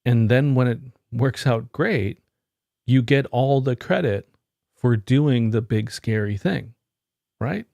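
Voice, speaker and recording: A man's voice: medium pitch, takes it slowly, creaky, a little mellow, no room sound. A man vlogging about his IT career, telling a wry, rambling story to the camera in a casual, explaining way.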